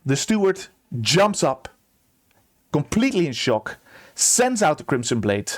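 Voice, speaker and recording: A man's voice: a little high, big pitch swings, measured pace. A man acting as game master, narrating a tabletop game with many fillers and restarts. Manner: hesitant, filler-heavy narration.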